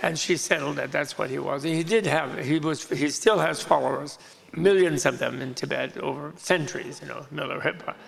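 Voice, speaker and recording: A man telling a teaching story in casual conversation, lively and amused, laughing between lines. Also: fairly high pitch, normal speed, gravelly. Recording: long hall reverb.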